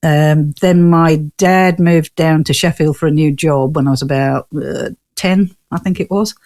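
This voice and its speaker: A woman's voice: sits low, fairly even intonation, unhurried, darkish tone. A woman from Newcastle with a northern English accent, a ghost tour owner chatting as a guest, laughing often as she tells stories. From Newcastle, England. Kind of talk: casual interview chat.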